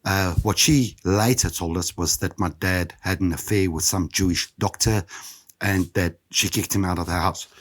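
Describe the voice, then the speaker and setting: A South African man in his fifties, hosting a podcast and telling his own story in a candid, reflective, halting way. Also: low voice. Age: 50s. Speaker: podcast host. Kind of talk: personal storytelling monologue.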